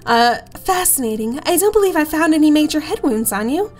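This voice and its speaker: A blunt, grumpy nurse, read by a woman who speaks in a dry, curt way. The voice sits fairly high. She has no patience for a patient without answers. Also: lively intonation, a little fast, darkish tone, faint music behind.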